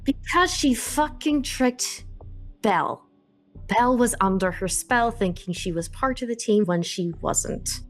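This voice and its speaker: A woman voicing an indignant, hot-headed young man, outraged and swearing in quick questions. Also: a little high, lively intonation, soft background music, pitched above the performer's own voice.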